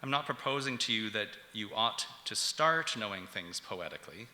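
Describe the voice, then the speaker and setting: Bright-toned male lecturer in an echoey hall. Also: lowish voice, lively intonation. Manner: measured, explanatory, with frequent ums and uhs. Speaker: professor lecturing. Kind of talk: public lecture. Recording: echoey hall with long reverb.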